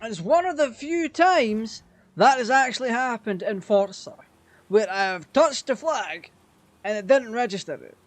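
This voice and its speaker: A man casually commenting on his racing game, sweary and quick to rage at the game. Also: extremely high pitch, expressive, no echo. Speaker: gaming channel host.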